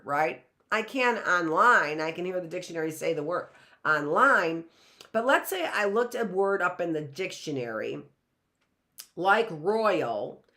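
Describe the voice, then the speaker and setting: A middle-aged woman teaching an online phonics lesson, explaining slowly and sounding out letters and words. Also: sits low, a bit bright.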